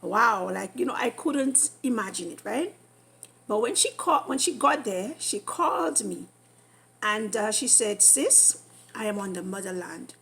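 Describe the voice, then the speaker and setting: A woman in her thirties vlogging, telling an excited story with gushing, animated exclamations. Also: fairly high pitch, unhurried, gravelly, slightly rough. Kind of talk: excited casual vlog.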